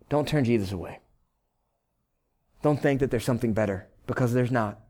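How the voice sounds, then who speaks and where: A man's voice: medium pitch, moderate pace, long pauses, warm tone. A male pastor preaching a sermon in a conversational but emphatic way, exhorting the congregation in short repeated phrases. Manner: conversational, checks in with "right?".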